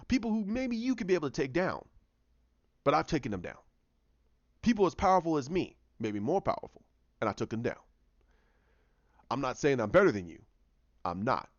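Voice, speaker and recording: A man voicing a calm, self-assured veteran hero in his late forties, speaking firmly and a little lower than his usual voice. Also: dry recording, highs cut off.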